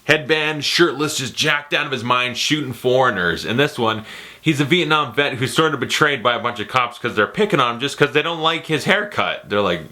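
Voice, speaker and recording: Excitable jokey man for a movie vlog, bright, forceful tone, swears freely. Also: medium pitch, normal speed. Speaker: movie reviewer. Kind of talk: casual movie ranking vlog.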